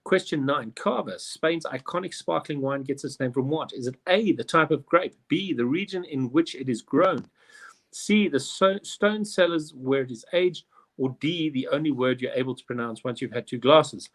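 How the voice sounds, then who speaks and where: A man's voice: a little high, moderate pace. A man hosting a casual online quiz, reading questions aloud and riffing with jokes between them. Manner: jokey, reads questions then riffs with swearing and laughs. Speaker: quiz host.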